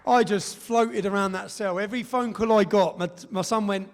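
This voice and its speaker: An English man speaking to a live audience in a fairly high register, telling his story with force. He presses each point and often checks in with a quick "yeah?" as he goes. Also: steady tone. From England. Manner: emphatic, tags points with "yeah?". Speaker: speaker at a public event.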